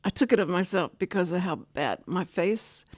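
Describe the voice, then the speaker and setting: Lively, rambling woman radio host. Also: on the low side, moderate pace, no room sound, clean studio sound. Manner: animated, rambling storyteller. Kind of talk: casual talk radio chat.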